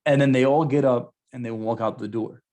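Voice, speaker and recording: A man in his thirties, a podcast co-host telling a story casually, animated and profane with lots of slang. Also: mid-range voice, a little fast.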